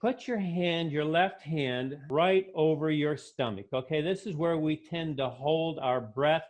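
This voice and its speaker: A man presenting a webinar lesson, calmly coaching listeners through guided breathing and stress-release steps. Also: fairly high pitch. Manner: calm, coaching, drawn-out guided instructions. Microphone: video call. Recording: dull lo-fi webinar audio.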